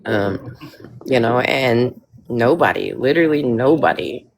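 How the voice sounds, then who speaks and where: Gravelly low-voiced woman telling a story. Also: animated, a little slow, background noise. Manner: rambling, emphatic, with many restarts and fillers. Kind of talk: casual storytelling chat.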